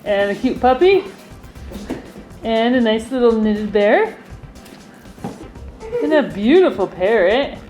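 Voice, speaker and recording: A woman's voice: fairly high pitch, very animated, slow pace, pauses often, a little mellow, poor audio. A woman hosting a playful family video, cheerfully announcing each toy and laughing often. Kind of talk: playful commentary. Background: music.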